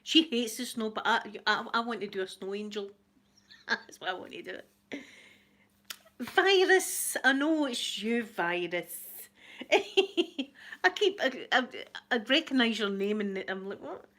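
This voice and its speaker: A woman's voice: medium pitch, animated, normal speed, a bit bright. A middle-aged Scottish woman hosting a casual live-stream chat, greeting viewers by name and laughing often. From Scotland. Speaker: YouTube channel host.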